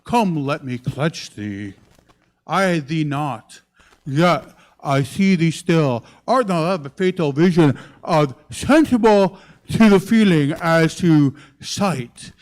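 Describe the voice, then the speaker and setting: A loud Cajun alligator hunter drawls with his mouth wide open in a thick Louisiana accent, as a comedian puts him on. He declaims stiffly, as if reciting a dramatic speech. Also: a little high, lively intonation, takes it slowly. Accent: Louisiana Cajun (put on).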